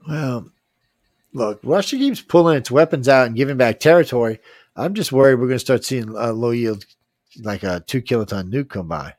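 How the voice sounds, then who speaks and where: A man's voice: mid-range voice, lively intonation, moderate pace, darkish tone, no room sound. A man hosting a casual news talk, reading headlines and rambling bluntly with swearing and trailing-off sentences.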